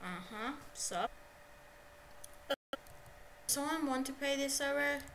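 Excitable high-voiced young woman streamer. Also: slow, gravelly, a little hiss or hum, low-quality recording. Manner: excitable, yelps and repeats herself. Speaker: livestreamer. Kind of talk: live gameplay commentary.

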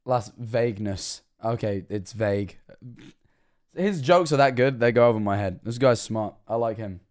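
A young man, streaming casual reaction commentary and often laughing, excitable and swearing. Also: lowish voice, unhurried.

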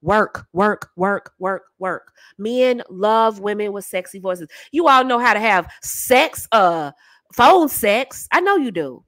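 An American woman talks frankly and playfully as a dating coach, her pitch bouncing all over the place. She sits a little above the usual register, and the sound is close and dry. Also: measured pace, dry recording. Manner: animated, teasing, breaks into soft sultry demo voices and laughs. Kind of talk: casual advice talk to camera.

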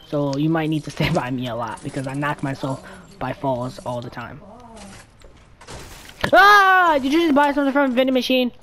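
A woman chatting casually while gaming with a friend, stammering and breaking into sudden shouts. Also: low voice, fast talker. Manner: stammering, excitable, shouty outbursts. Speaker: gamer streaming with a friend. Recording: faint background noise.

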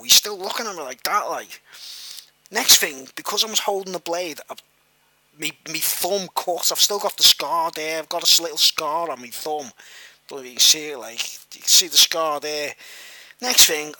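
A man's voice: fairly high pitch, sharp tone, dry recording, low-quality recording. A man telling a personal story straight to camera, rambling with many "like"s and "you know"s and talking to viewers as guys.

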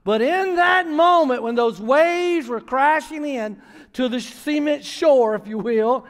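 High-voiced preacher in a reverberant church. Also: male voice, slow. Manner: storytelling preacher, builds to emphatic near-shouting. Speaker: pastor. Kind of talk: sermon. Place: church sanctuary. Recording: long reverb of a large church hall.

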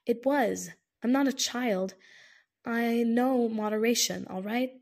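A woman's voice: fairly high pitch, slow pace, gravelly, a little mellow, full character voice. A woman reading an audiobook, voicing an agitated, grieving young man who snaps and curses. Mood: grumbling. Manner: snapping, exasperated, curses often. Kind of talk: audiobook character voice.

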